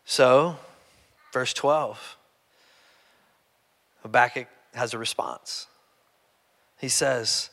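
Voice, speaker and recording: A man's voice: mid-range voice, very slow, gravelly, pauses often, a bit bright. A man preaching a sermon in a conversational way, often restarting and repeating words. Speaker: pastor. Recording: long hall reverb.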